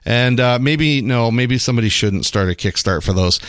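A man co-hosting a radio show in a studio, leading the segment with upbeat, quick banter. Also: mid-range voice, fairly bright tone, smooth, dry recording.

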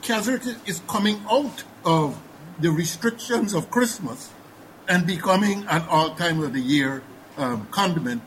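A man's voice: a little high, expressive, a little slow, fairly bright tone, slight background noise, poor audio. A middle-aged man from Guyana with a Guyanese accent, speaking on a discussion panel in a thoughtful, hesitant way with many fillers.

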